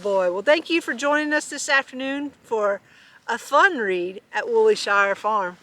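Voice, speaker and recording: A woman reading a children's storybook aloud, animated and chuckling with asides. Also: fairly high pitch, a little slow. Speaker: storybook reader.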